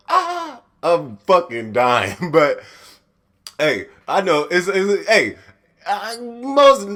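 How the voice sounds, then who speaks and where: A man's voice: medium pitch, a bit bright. A man hosting his own podcast, telling a story in a casual, profane, laughing way. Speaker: podcast host.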